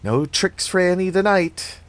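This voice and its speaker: Man doing a high, sarcastic teen babysitter, quick quips, storybook reading. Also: animated. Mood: nervous. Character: teenage girl babysitter, wisecracking and jumpy.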